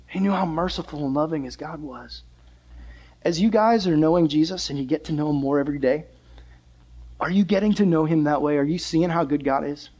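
Brief: young male youth pastor, lively, chatty sermon, bright high voice. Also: lo-fi sound. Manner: animated, conversational preaching.

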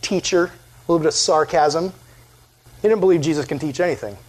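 A man gives a casual sermon with lively energy, often asking his listeners questions. His voice is a little higher than most men's and swings widely in pitch. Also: fairly quick. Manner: animated, conversational, quizzes the audience.

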